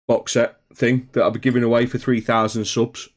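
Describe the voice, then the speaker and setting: A mid-range, flat voice moves fairly quickly with few pauses as this man streams live from his home hobby room. Reading chat casually, he greets people by name, calls them mate and curses now and then.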